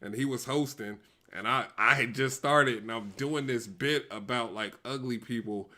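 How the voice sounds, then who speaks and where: A man's voice: medium pitch, moderate pace. A man, a comedian, casually telling a story about his early stand-up days and laughing often. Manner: animated, laughs through his stories. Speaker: comedian co-host.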